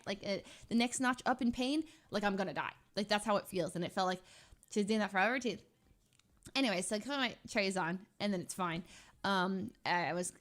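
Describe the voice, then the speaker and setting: A young adult woman streamer rambling through a casual story, animated and full of filler words. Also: a little high.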